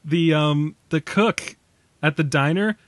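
A man's voice: a little high, takes it slowly. Enthusiastic young man, laughing often. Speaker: film podcast co-host. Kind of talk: casual chat.

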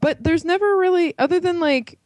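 A woman's voice: very high voice, brisk, a little mellow, dry recording. A young woman co-hosting a podcast, chatting casually about a film, with lots of fillers and frequent laughs. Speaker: podcast co-host, film reviewer.

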